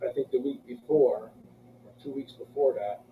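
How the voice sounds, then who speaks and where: A man, an interview guest, telling a story in a casual, animated, profane way and acting out what people said. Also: normal speed. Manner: animated, profane, acts out quotes in a higher voice. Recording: tinny distant lo-fi recording with faint noise.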